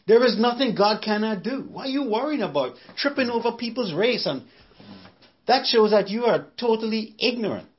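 High-voiced man preaching emphatically. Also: muffled recording. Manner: emphatic, repeats phrases, rhetorical questions. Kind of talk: sermon.

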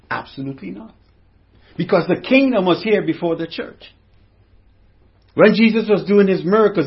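A man's voice: sits high, dull audio. A man preaching a sermon as pastor, explaining scripture and asking the congregation questions.

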